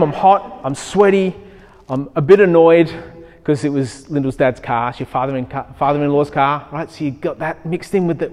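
A man preaches a sermon, slipping into a personal story that he tells with lively energy and acts out in voiced asides. His voice sits a little high for a man, and it rings with the long reverb of a large hall. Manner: animated storytelling, acting out his own thoughts. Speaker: pastor.

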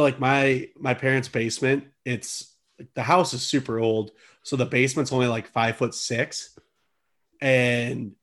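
Man, mid-pitched, jokey co-host who swears freely and laughs a lot. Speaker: podcast co-host. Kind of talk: casual chat.

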